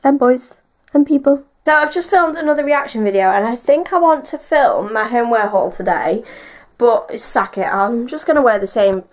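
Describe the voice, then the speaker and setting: A woman's voice: a little high, lively intonation, normal speed. A young woman vlogging her day at home, rambling in a casual, chatty way with lots of fillers. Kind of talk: casual daily vlog. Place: home, indoors and garden.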